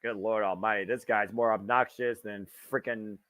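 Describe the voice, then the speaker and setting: Bright, chatty Midwestern man commentating. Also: on the low side, fairly even intonation, moderate pace. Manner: chatty, wisecracking, swears freely. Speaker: wrestling watch-along host. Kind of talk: casual live commentary.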